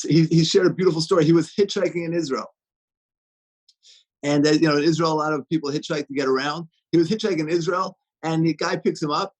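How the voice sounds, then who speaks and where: A rabbi hosting a podcast, teaching in a casual, storytelling way with lots of restarts. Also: male voice, on the high side, low-quality recording. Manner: storytelling, many restarts, warm enthusiasm.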